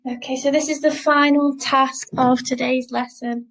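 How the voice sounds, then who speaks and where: A woman teaching a school French class, speaking slowly and patiently and repeating each word twice. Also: high-pitched, fairly even intonation, fairly bright tone, poor audio. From England. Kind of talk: classroom lesson explaining French grammar.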